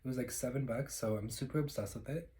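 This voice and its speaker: A man's voice: medium pitch, fast, warm tone, low-quality recording. Chatty man rambling over dinner. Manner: rambling and chatty, with many fillers. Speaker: vlogger. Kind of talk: casual eating vlog chat. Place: at home, eating at a table.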